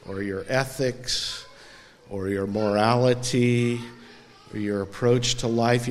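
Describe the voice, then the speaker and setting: A man's voice: mid-range voice, darkish tone, in a large hall. A man preaching a sermon in a conversational way, often putting questions to the congregation. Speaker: pastor.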